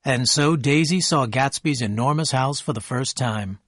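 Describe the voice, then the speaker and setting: A man narrating a story in a steady, measured reading voice. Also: medium pitch, no room sound, clean studio sound. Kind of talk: scripted narration.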